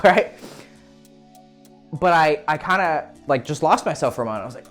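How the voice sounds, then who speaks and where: A man's voice: a little high, lively intonation, moderate pace, fairly bright tone, faint music behind. A man hosting a dating advice talk, speaking casually, frankly and explicitly. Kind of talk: casual monologue.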